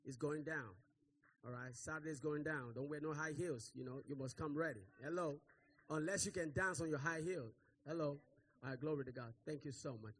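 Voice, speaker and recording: A man's voice: a little high, brisk, husky. A male pastor giving church announcements and leading a birthday celebration, full of "hello" and "glory to God".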